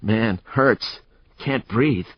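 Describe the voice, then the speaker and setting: A man's voice: medium pitch, drawn-out words, husky, no room sound, dull audio, voice pushed up. A man voicing a stubborn, reckless male cop who talks bluntly and profanely in an audiobook. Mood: pained. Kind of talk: audiobook narration.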